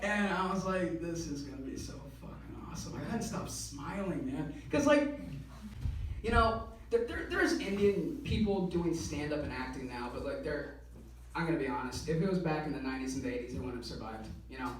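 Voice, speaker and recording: A young man doing a casual, excitable stand-up routine, swearing freely and laughing between lines. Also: a little high, moderate pace, heavy reverb, recorded from a distance, slight background noise, rough recording. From US (California). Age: young adult. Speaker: stand-up comedian.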